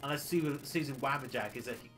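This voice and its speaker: A man's voice: mid-range voice, fast, fairly bright tone, faint music behind. A man streaming a retro game, rambling cheekily and laughing often. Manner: giggly, rambling, cheeky banter with frequent laughs. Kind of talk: casual livestream chat while playing.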